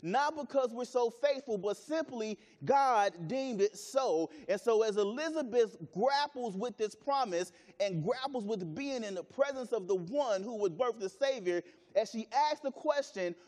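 A man's voice: sits high, expressive, unhurried, darkish tone, long reverb tail. A man preaching a sermon, earnest and repeating phrases for emphasis.

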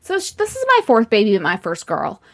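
A woman's voice: on the high side, huge pitch swings, normal speed, fairly bright tone. A woman in her thirties co-hosting a casual podcast chat over cocktails, candid and laughing, swearing freely. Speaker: podcast co-host.

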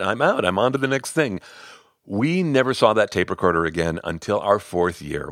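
A middle-aged man hosting his own podcast and telling a story as a speaking coach. He is expressive, climbing high when excited and sinking to near-whispers. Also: dry recording, studio quality. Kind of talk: solo podcast storytelling and advice.

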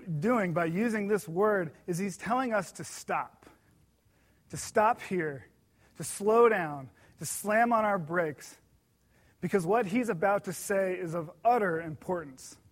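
A man with a notably high voice delivers an earnest sermon. He speaks emphatically, slowing right down to lean on the words that matter most. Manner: earnest and emphatic, slows down to stress key words. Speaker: preacher.

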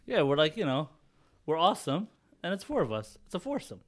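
A man's voice: a little high, fairly quick. A man co-hosting a podcast, trading jokes with friends and laughing often. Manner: laughs often, animated and teasing. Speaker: podcast co-host. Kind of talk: casual banter.

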